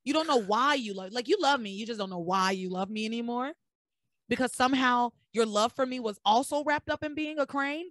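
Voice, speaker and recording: A woman hosting a podcast, recapping episodes in a blunt, animated way with some swearing. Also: fairly high pitch, brisk, no echo, studio quality. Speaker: podcast host. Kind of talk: casual recap chat.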